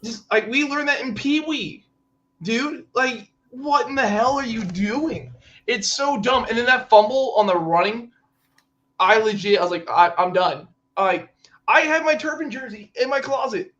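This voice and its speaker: A man's voice: very high-pitched, lively intonation, measured pace, a bit bright, dull audio. A man co-hosting a sports podcast, ranting in exasperation and acting out players in mock voices during casual chat. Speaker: podcast co-host.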